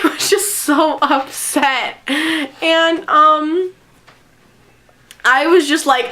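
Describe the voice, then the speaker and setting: A woman vlogger telling a storytime tale in excitable, giggly chatter. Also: sits high, takes it slowly. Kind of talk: storytime vlog.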